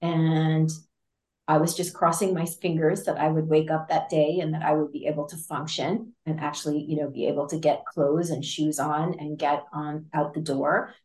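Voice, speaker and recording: Low-voiced woman telling her story. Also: moderate pace. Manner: animated, laughs often, many fillers and restarts. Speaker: interview guest, patient advocate. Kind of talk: conversational storytelling. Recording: roomy echo.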